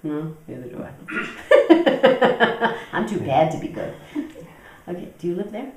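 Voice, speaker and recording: A woman's voice: low-pitched, animated, brisk, dark tone, distant mic. A woman spiritual teacher leading an interactive teaching talk, questioning her audience and acting out inner voices. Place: teaching room with a group. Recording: echoey room, recorded from afar.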